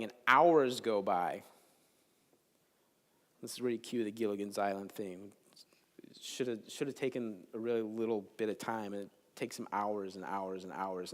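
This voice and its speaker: A man giving a chapel sermon in a relaxed, conversational way, telling a Bible story with jokes. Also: mid-range voice. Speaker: chapel speaker. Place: large chapel. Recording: long hall reverb in a chapel.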